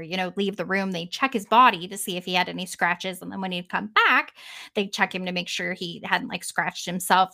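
Animated woman host telling a creepy story. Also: lowish voice, gravelly. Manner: animated, swears freely, trails off and restarts. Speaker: podcast host. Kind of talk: casual storytelling chat.

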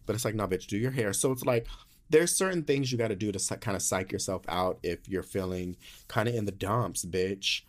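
Sassy animated young man, casual monologue. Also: on the low side, normal speed. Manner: sassy, animated, frequent slang and swearing. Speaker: podcast host.

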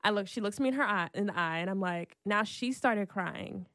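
A woman's voice: medium pitch, a little fast, no echo, studio quality. A young adult woman telling a personal story in casual chat, acting out what everyone said and saying "like" a lot. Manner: animated, acts out quotes, lots of "like".

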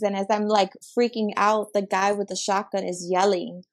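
A young woman from Chicago, a podcast guest, telling her life story in casual, animated talk and acting out what people said. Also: mid-range voice, moderate pace. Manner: animated, acts out quotes in her own voice.

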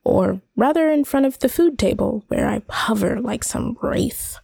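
Woman narrator, measured and wry; slow, gravelly, dry. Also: on the high side, lively intonation, warm tone, no echo. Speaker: reader. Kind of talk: first-person short story narration.

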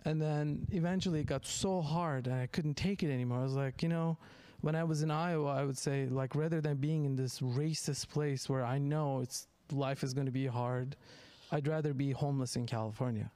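A man's voice: medium pitch, steady tone, fairly quick, hardly any pauses, dark tone, clean tone, no echo. A man from Turkey with a Turkish accent, a stand-up comedian telling stories in a casual interview, rambling, laughing often and restarting his sentences.

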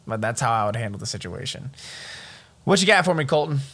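A young man co-hosting a podcast, reacting to stories with quick, excitable jokes. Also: medium pitch. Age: young adult. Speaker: podcast co-host. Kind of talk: casual podcast chat.

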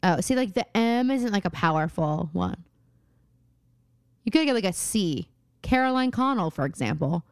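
Woman cohost chatting about tv, jokey, laughs a lot, middle pitch. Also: expressive, normal speed, long pauses, clear, resonant tone, no echo, clean studio sound. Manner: chatty, playful, laughs often, riffs on jokes. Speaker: podcast co-host. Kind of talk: casual chat recapping a TV show.

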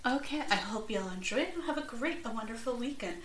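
A woman's voice: fairly high pitch, lively intonation, fast, fairly bright tone, a little hiss or hum, poor audio. A woman hosting a podcast in casual chat, rambling and chatty with jokey asides. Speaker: podcast host.

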